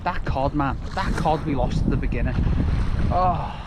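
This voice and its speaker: A man's voice: fairly high pitch, moderate pace. A man talking casually to camera as a fishing vlogger, chatty, grumbling and poking fun at himself on a riverbank. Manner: chatty, grumbling and self-mocking. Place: outdoors on a windy riverbank. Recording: loud wind noise on the mic.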